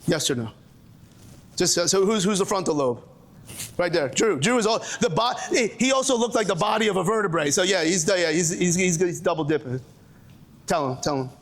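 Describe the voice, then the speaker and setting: Man w/ brooklyn accent giving a live workshop talk, slightly high voice, cracks jokes, keeps restarting sentences. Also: brisk. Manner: joking, with frequent restarts and audience call-outs. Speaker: presenter at a coaching seminar. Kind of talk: animated live seminar talk. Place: lecture room with a live audience.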